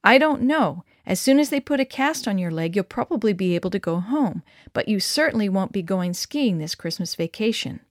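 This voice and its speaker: A calm, faithful father talks gently and steadily in a storybook reading, as a woman puts him on. His voice stays close to the reader's own middle pitch. The sound is dry, with no echo. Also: moderate pace, few pauses, natural voice. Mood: reassuring. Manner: steady, reassuring.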